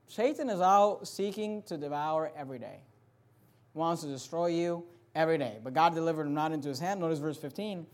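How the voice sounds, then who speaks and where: High-pitched man preaching emphatically. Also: brisk. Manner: emphatic preaching, repeating phrases and building to loud passages. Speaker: pastor. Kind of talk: sermon.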